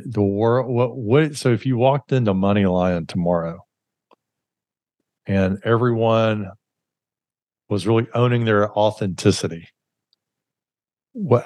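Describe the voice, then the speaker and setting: A man with a fairly low voice hosts an interview, affirming his guest and circling through long questions before landing them. The sound is dry, with no room echo. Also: a little mellow. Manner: encouraging, affirming, rambling questions. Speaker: podcast host. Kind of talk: interview conversation.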